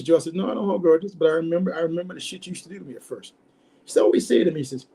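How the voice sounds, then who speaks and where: Husky, mellow-voiced older man telling stories. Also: a little high, animated, fast talker. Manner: emphatic, repeats words, acts out quoted exchanges. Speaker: guest, former pro running back. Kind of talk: podcast interview storytelling.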